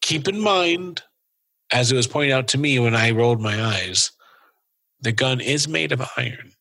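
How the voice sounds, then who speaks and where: A man's voice: mid-range voice, expressive, measured pace, gravelly, pushed and bright. A man hosting a podcast, telling stories in casual chat, swearing and laughing often. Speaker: podcast host.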